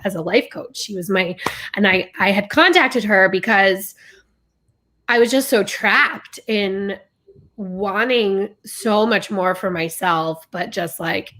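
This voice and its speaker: A woman's voice: mid-range voice, sharp tone. A woman co-hosting a podcast, talking candidly and with feeling, laughing often. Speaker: podcast co-host. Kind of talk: emotional casual chat.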